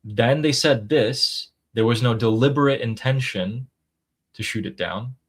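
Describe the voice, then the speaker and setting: A man's voice: mid-range voice, unhurried, husky. A man hosting a casual news commentary, explaining events matter-of-factly. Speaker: host.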